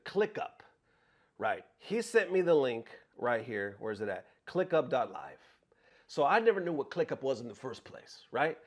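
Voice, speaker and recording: Animated, high-voiced man telling a story. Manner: animated, profane, exasperated retelling. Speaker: content creator. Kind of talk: casual storytelling to camera. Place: bedroom.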